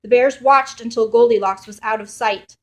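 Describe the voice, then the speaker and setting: A woman reading a children's picture book aloud as a storyteller. Her telling is expressive and playful, suited to young listeners. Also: on the high side, normal speed.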